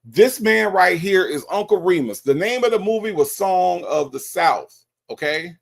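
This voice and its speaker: Teasing man with a lively gravelly voice. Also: high voice, normal speed. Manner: teasing, repetitive, animated. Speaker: show host. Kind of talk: casual commentary on a call recording.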